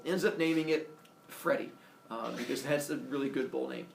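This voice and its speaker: A man's voice: on the high side, fairly quick, vocal fry. Playful man telling a myth in an echoey room. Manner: playful, animated, puts on silly character voices. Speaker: storyteller. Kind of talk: casual oral storytelling. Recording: echoey room, mic from far off, faint noise.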